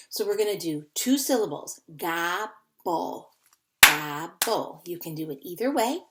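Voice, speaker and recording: Slow, patient woman teaching phonics. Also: on the low side, slight background noise. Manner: slow, patient, repeats words to sound them out. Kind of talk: phonics lesson for young children.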